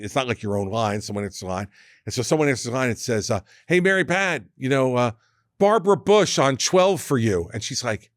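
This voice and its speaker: Older male guest, deep and dry, spins anecdotes with quick impressions. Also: no room sound. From United States. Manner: anecdotal, quotes others in lively impressions. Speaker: guest, former governor. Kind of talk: storytelling interview chat.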